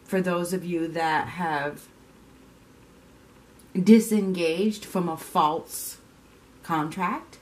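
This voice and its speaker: A woman's voice: fairly low pitch, very slow, pauses often, darkish tone. A woman giving a casual tarot reading, chatty and repetitive, sometimes acting out the reactions she describes. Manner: chatty, repeats herself, acts out quoted reactions. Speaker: tarot reader.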